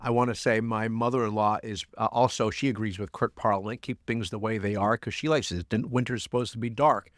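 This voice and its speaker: A man's voice: lowish voice, fairly even intonation, fairly quick, hardly any pauses, dry recording, clean studio sound. A man co-hosting a casual podcast, playfully reading a listener's email aloud. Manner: playful, reads with a mock folksy lilt. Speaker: podcast co-host.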